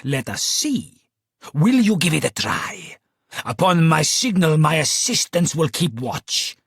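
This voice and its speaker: Casting: male narrator doing a showy Italian escape artist, loud, drawn-out, husky edge. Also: very animated, no echo, clean studio sound, exaggerated voice. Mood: booming showman. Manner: booming, slow showman delivery. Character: boastful Italian stage escape artist man. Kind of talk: audiobook character voice.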